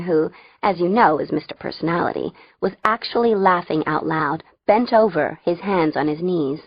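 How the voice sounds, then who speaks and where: A woman's voice: lowish voice, moderate pace, hardly any pauses, no echo, highs cut off. A woman narrating a first-person audiobook in a wry, conversational way.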